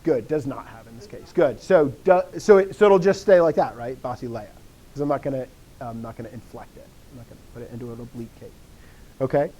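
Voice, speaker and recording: A man's voice: mid-range voice, fast talker, dark tone. A man teaching a Greek grammar lesson, explaining step by step and quizzing students with encouraging replies. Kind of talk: live online lesson.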